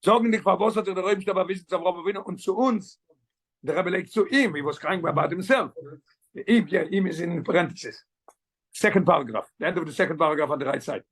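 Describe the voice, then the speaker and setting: High-pitched fast-talking male rabbi. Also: slightly rough. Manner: rapid, animated, switching languages mid-sentence. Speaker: rabbi teaching a class. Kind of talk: Torah class, mixing English and Yiddish.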